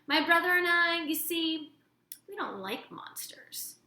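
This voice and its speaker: A woman's voice: extremely high pitch, animated, slow pace, bright, forceful tone, voice pushed up, full character voice. Nettle, a woman doing a sarcastic bully bear. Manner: sarcastic, mocking. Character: young female bear, sarcastic bossy bully. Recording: roomy echo.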